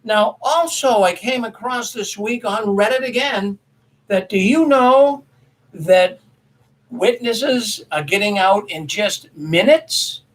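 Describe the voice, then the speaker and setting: High-voiced man rambling through commentary. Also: slow pace, poor audio. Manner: rambling, folksy, self-correcting storyteller. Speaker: commentary host. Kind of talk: casual commentary monologue.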